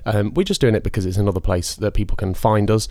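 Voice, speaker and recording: Chatty podcast host. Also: male voice, on the low side, fast, dark tone, no room sound, studio quality. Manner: friendly, rambling, laughs often. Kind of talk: casual chat.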